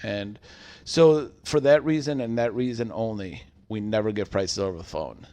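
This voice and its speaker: A man with a somewhat low voice tells a workplace story in a relaxed podcast chat. He acts out what people said, getting loud for the quotes. He sounds to be in his thirties. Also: normal speed. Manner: animated storyteller acting out quotes. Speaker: podcast co-host telling a work story.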